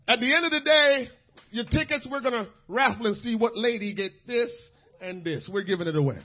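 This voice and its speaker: High, husky man preaching fervently. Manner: fervent, swings from soft storytelling to shouting; fills pauses with "uh", repeats words. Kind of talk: sermon. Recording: dull lo-fi recording.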